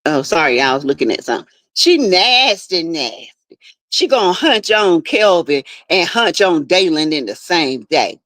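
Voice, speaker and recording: A woman's voice: low-pitched, lively intonation, moderate pace, few pauses, a bit bright, no room sound. A woman hosting a casual livestream from her backyard shed, greeting viewers by name and gossiping freely. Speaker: livestream host. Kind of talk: casual live chat with viewers.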